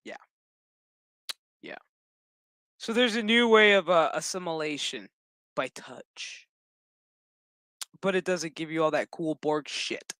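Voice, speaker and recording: A man rambles through a casual, profane episode recap full of sarcastic asides. His voice is bright and crisp. It is picked up close and dry. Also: on the high side, takes it slowly, pauses often, dry recording. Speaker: show recap host.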